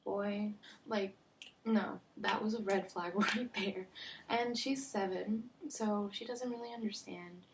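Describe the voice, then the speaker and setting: Speaking slowly in a creaky, mid-range voice with fairly even intonation, a young woman narrates a storytime vlog. She's chatty, leans heavily on "like," and frequently drops almost to a whisper, with faint noise in the background.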